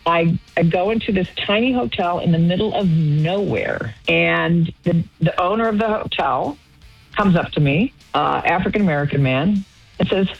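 Woman radio guest, low voice, animated storyteller, faint music underneath. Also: moderate pace, creaky, slightly rough, highs cut off. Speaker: guest actress. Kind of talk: casual radio interview.

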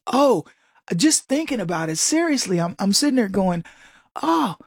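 Commentary host, husky, dry close mic, sarcastic and animated monologue. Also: mid-range voice, normal speed, dry recording. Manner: animated, sarcastic, talks to the audience.

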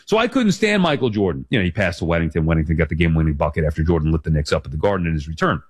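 A man's voice: rumbling low, lively intonation, racing. A man in his forties hosting a sports talk show, rambling and emphatic as he corrects himself. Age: 40s.

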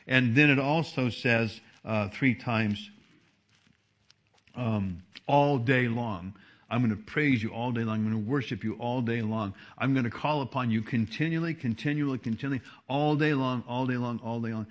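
A man preaching a sermon as a pastor, with animated delivery that swings between soft asides and emphatic peaks. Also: mid-range voice, moderate pace. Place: church service.

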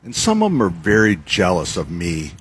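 A man's voice: low voice, huge pitch swings, moderate pace, a bit bright, slight background noise. A man chatting casually as a guest, rambling and trailing off mid-sentence. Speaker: guest, event organizer. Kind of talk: casual on-air chat.

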